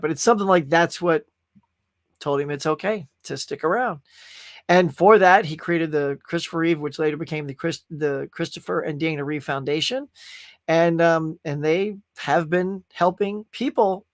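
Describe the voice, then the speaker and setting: A man's voice: a little high, no room sound, studio quality. A man hosting a casual pop culture podcast, talking emotionally and rambling with restarts as he gushes about a movie. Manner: gushing and emotional. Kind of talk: casual movie review chat.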